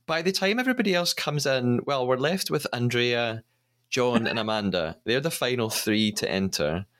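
A man's voice: medium pitch, lively intonation, normal speed, fairly bright tone. A man hosting a podcast, casually retelling scenes with the odd stammered restart. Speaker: podcast host. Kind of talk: casual recap chat.

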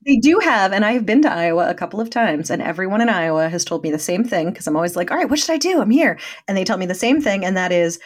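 A woman co-hosting a podcast, chatting casually and telling a joking, animated story. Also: fairly low pitch, fast, few pauses. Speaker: podcast co-host. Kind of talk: casual political chat.

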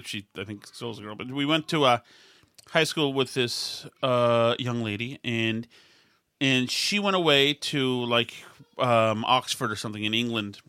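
Rambling man in his fifties, bright voice. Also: mid-range voice, unhurried, clean tone, no room sound, clean studio sound. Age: 50s. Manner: meandering storytelling with many restarts. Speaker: podcast host. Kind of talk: casual political chat.

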